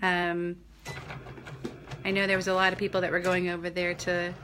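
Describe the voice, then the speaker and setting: A woman's voice: on the low side, monotone, moderate pace, background noise. An older woman with a Southern accent, hosting a crafting live stream in casual chat, laughing often and greeting her viewers by name.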